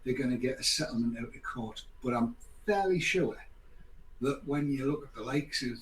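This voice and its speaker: Animated and mid-range at a normal pace, this older host rambles through a casual chat full of sarcasm and fake apologies. The room echoes, and there's a little noise in the background.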